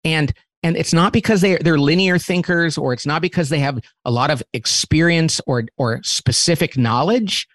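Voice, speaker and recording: A man who runs a company, talking as an interview guest and lively acting out quoted remarks as he explains a model. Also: a little high, no room sound. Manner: animated, acts out quotes in different voices; repeats words when restarting.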